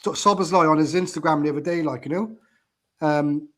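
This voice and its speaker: Scouse fella on a fan show, bit high voice, rambles and repeats himself a lot. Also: male voice, fairly quick, fairly bright tone. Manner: rambling, repeats words, heated opinions. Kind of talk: live fan show chat.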